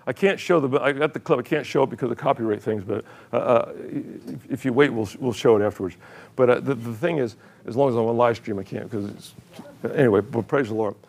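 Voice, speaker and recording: A man's voice: medium pitch, creaky, darkish tone. An older man preaching a sermon in a church, telling a story with chuckles and many repeated words. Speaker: pastor.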